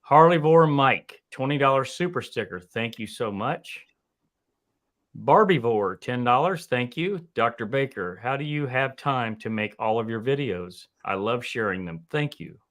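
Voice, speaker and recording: A man's voice: medium pitch, lively intonation, a little slow, fairly bright tone. A man hosting a live stream, reading out and thanking viewers' donations in a casual, upbeat way. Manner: upbeat, thanks donors one by one. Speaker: livestream host reading super chats.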